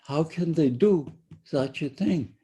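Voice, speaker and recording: An older man speaks slowly in a husky, mellow voice as he gives his testimony to students. He often halts, repeats himself and restarts his phrases. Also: fairly high pitch. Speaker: Holocaust survivor speaker.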